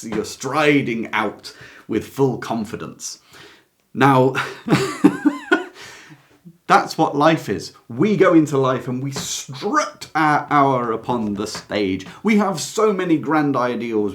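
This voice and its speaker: A man giving a slow, reflective line-by-line lecture on a play, sometimes pausing to search for words. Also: mid-range voice. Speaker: literature teacher.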